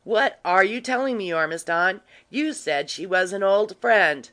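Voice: medium pitch, animated, measured pace, pushed and bright, voice pushed up. Teasing aristocratic earl, familiar and nosy, read aloud by a narrator. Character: worldly curious aristocratic earl, man. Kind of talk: audiobook reading.

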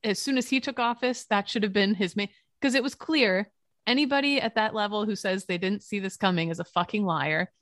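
A woman's voice: medium pitch, fairly quick, a bit bright, no room sound, studio quality. A young woman co-hosting a casual political talk show, speaking earnestly and passionately, at times rambling. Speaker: podcast co-host.

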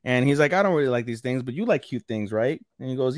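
A male podcast co-host with a medium-pitched, darkish voice talks fast, casually recapping an anime episode. He rambles, trips over names, and swears now and then, all in clean studio sound with no room echo.

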